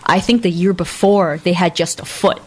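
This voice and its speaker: A woman co-hosting a casual podcast with a slightly low voice. She sounds enthusiastic and excitable and laughs easily. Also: moderate pace, husky. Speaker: podcast co-host. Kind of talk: casual chat.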